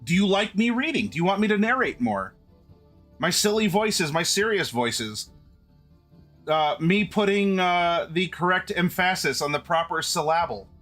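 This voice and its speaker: Chatty high-voiced man streaming live. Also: lively intonation, moderate pace, a bit bright, soft background music. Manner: chatty, restarts often, addresses chat directly. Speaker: streamer host. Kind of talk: casual live-stream chat.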